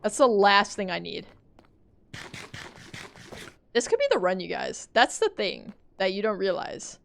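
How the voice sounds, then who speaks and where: A young woman streaming a game live, talking to her chat in a panicky, excitable way. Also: mid-range voice, measured pace, vocal fry, a little hiss or hum. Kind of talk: live gameplay commentary.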